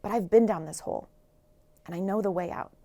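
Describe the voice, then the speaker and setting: A woman voicing a calm friend in a story, speaking quietly and reassuringly. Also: mid-range voice, brisk, lightly acted. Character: calm, knowing friend offering help.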